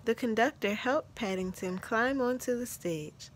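Slow, gentle woman reading a storybook. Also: a little high, a little hiss or hum. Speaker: storybook narrator. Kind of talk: children's story read aloud.

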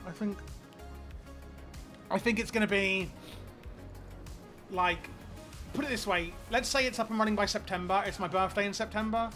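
A high-pitched man talks casually to his live-stream viewers while he plays. He rambles and stammers, repeating words as he gets excited. Faint music plays underneath. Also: moderate pace, long pauses.

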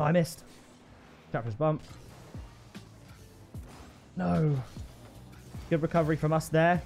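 A young man hosting a gaming channel, commentating his own match live and bursting into excited shouts at big plays. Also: fairly high pitch.

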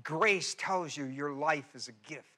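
Male preacher, high bright voice, emphatic sermon delivery that rises loud and drops soft. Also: a little slow. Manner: emphatic preaching with repetition, swings from loud to hushed. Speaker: pastor.

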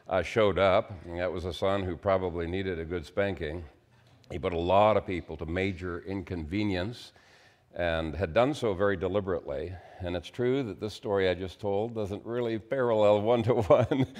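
Sex: man. Role: pastor. Style: sermon. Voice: very low. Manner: earnest, measured, with pauses.

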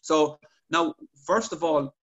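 Animated man telling stories. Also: on the high side, takes it slowly, muffled recording. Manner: animated storytelling, acts out patient dialogue. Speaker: podcast guest clinician. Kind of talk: casual podcast chat.

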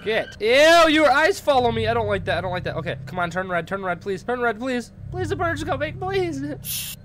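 A gaming YouTuber with a very high-pitched, fairly fast voice does horror game commentary, animatedly bossing his drone around and shrieking when frightened. Game music plays behind his voice.

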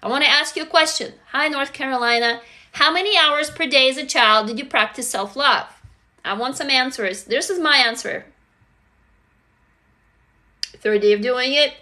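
A woman from Russia, Russian by first language, hosting a casual livestream chat, energetic, greeting viewers and swearing freely. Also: sits high, brisk. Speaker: livestream host.

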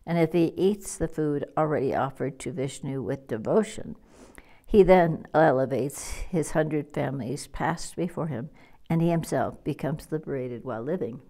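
A woman's voice: low voice, warm tone. A woman reading as a stern old sage. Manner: solemn, measured reading. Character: stern old male sage laying a curse. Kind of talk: scripture reading.

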